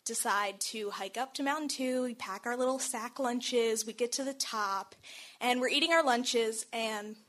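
A woman's voice: fairly high pitch, measured pace, fairly bright tone. A young woman telling a personal story in a casual, chatty way, laughing often and saying "like" a lot.

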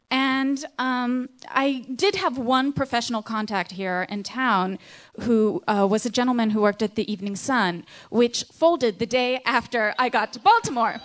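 A woman telling a self-deprecating, animated comic story live to an audience. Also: on the high side. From Seattle.

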